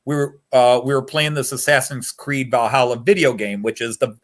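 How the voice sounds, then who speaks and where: A man's voice: mid-range voice, fairly even intonation, normal speed. A man talking casually and at length on a hobby chat show, rambling and getting worked up over history.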